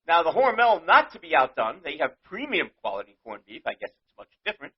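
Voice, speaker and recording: A man's voice: on the high side, huge pitch swings, fairly quick, breathy edge, lo-fi sound. Exasperated New York man ranting. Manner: indignant, exasperated, rambling. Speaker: show host. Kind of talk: ranting monologue.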